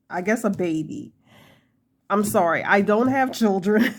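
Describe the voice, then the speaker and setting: A woman's voice: mid-range voice, sing-song, unhurried. A young woman hosting a casual crochet tutorial, chatty and laughing often as she talks to her viewers.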